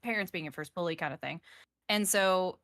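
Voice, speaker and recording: A woman's voice: lowish voice, a little fast, fairly bright tone. Chatty, gushing woman host. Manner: chatty, laughing, gushing, asks rambling questions. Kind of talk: casual live-stream interview.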